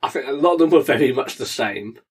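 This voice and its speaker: A man's voice: medium pitch, animated, quick pace, husky. A man co-hosts a laid-back podcast, rambling cheerfully and poking fun at himself. He sits a little back from the microphone, so his voice sounds slightly distant. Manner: chatty, self-mocking, giggly. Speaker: podcast co-host. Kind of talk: casual banter.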